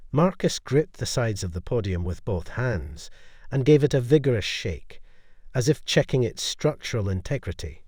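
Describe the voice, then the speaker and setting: A man telling a scripted story as narrator in a lively storytelling way. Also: fairly low pitch, dry recording, clean studio sound.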